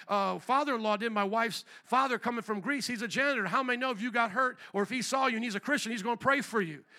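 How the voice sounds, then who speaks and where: High, bright-voiced preaching man. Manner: energetic, call-and-response preaching. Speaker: pastor. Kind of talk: sermon.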